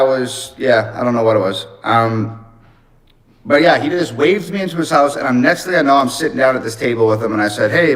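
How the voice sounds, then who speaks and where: A man's voice: mid-range voice, rough recording. A man telling a long personal anecdote on a livestream in a casual, rambling way with plenty of swearing. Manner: profane, rambling, animated retelling. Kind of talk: casual storytelling.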